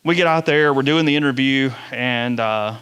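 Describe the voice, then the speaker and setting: A man, a sports journalist telling lively stories to students. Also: mid-range voice, normal speed, clean tone. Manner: animated storyteller, acts out quotes. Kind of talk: storytelling talk to students.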